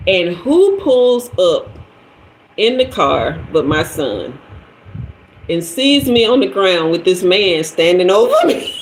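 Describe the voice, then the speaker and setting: A woman hosting a live stream, telling a story in loose, slangy talk. Her pitch rises and falls widely, and laughter keeps breaking into the telling. The room around her is echoey, with faint noise underneath. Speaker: tarot live stream host. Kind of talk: casual storytelling to a live audience.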